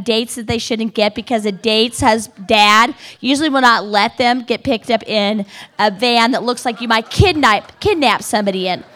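A middle-aged woman telling a funny personal story to a live audience, animated and dramatic, building tension with repeated phrases. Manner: animated, dramatic, repetitive build-up with wailing high quotes. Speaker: speaker at a women's gathering.

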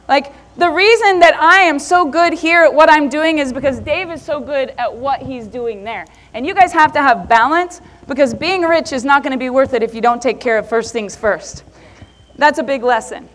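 A middle-aged woman giving a motivational talk to a live audience, telling an animated story and acting out the messages she got. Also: sits high. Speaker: motivational speaker.

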